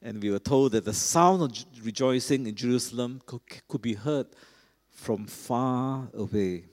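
A man delivers a sermon in a cathedral, his voice carrying a long hall reverb. He speaks earnestly at a middle pitch, pausing with fillers and restarting phrases as he explains scripture. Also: a little mellow. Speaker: preacher.

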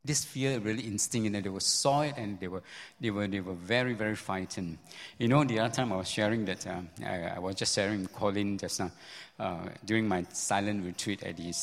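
A man preaching a sermon as a pastor, telling the story in an animated way with many repeats and sudden jumps up in pitch. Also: a little fast, vocal fry. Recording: long hall reverb.

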